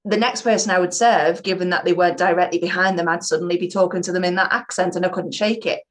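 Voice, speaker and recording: A woman's voice: fairly low pitch, fairly even intonation, fast. A young adult woman, an improv performer, talking chattily and animatedly in a casual interview, with self-mocking humor.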